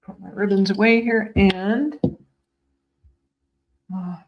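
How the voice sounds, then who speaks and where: Slow, tender-voiced woman medium. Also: medium pitch, fairly even intonation, lo-fi sound. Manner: tender, soothing, calls viewers sweetheart; gentle repetitions and small stumbles. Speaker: psychic medium. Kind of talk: live psychic reading.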